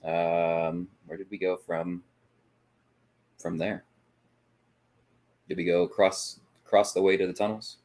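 A man's voice: deep voice, level tone, measured pace, long pauses, darkish tone. A man co-hosting a paranormal podcast, casually recapping a ghost-hunting night, rambling with frequent restarts. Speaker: paranormal investigation podcast co-host.

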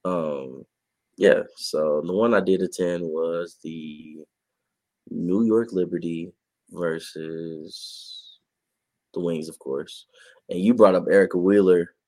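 A man co-hosting a podcast and reporting on sports, talking in a casual, animated way and laughing often. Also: deep voice, slow pace, no echo. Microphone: podcast mic.

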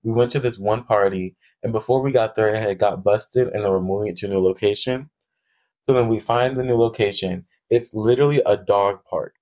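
A man's voice: fairly low pitch, brisk, a little mellow. Young man telling party stories. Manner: storytelling, profane, laughs often. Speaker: podcast co-host. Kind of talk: casual chat.

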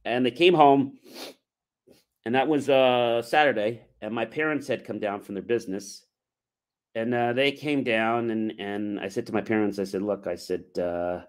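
A man's voice: lowish voice, steady tone, normal speed, a little mellow. Man, livestream host, storytelling, rambling anecdote, quotes people in his own voice, plenty of ums and restarts. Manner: rambling anecdote, acting out others' lines.

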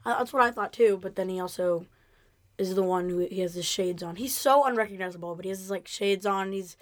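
A woman's voice: mid-range voice, fairly quick. A woman co-hosting a casual podcast, making short, blunt remarks about a TV episode. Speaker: podcast co-host. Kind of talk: casual chat reviewing a TV episode.

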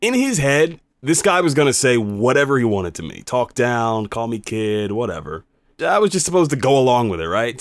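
A radio host tells a personal story in an animated, emphatic way. His pitch moves freely and expressively. The sound is dry and close, with no room echo. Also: normal speed.

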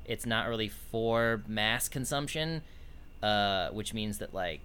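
A man's voice: lowish voice, slow pace, sharp tone, clean tone. A man co-hosting a podcast, chatting casually in a rambling, sardonic way and swearing now and then. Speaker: podcast co-host. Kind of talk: casual chat.

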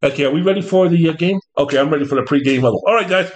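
A man hosting a casual sports talk show, rambling and animated, slipping now and then into mocking impressions of coaches. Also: fairly high pitch, rapid-fire. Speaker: podcast host.

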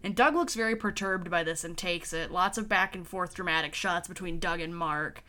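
A woman's voice: on the low side, moderate pace, pushed and bright. A woman co-hosting a podcast who recaps plot events in wry storytelling and quotes the characters as she goes. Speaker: podcast co-host. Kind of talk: casual chat recapping a TV episode.

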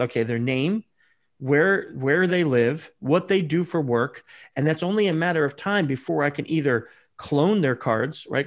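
Lively storytelling man, slightly high voice. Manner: animated, acts out quoted dialogue. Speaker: social engineer and author, guest. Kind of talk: interview storytelling.

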